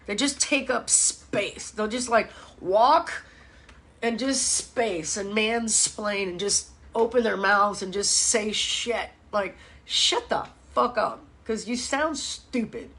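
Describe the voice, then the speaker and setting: A woman's voice: mid-range voice, slow, a bit bright, slightly rough. A middle-aged woman from hosts a live-stream chat, talking bluntly, swearing often and ranting with strong feeling. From Miami, USA. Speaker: fitness host.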